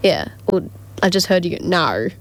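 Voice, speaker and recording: In a radio studio, a young adult woman hosts a casual community radio show, chatting and rambling, giggling often and filling gaps with ums. She speaks at normal speed in a mid-range voice.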